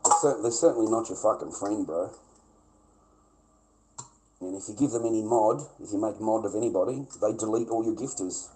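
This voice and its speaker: A man's voice: fairly low pitch, brisk, long pauses, warm tone, rough recording. A man ranting on a livestream, blunt, sweary and aggrieved, repeating his points. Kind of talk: casual livestream rant.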